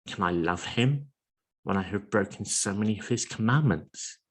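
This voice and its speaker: Male preacher, husky and low-pitched, delivers earnest rhetorical questions at a very slow pace. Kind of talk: sermon.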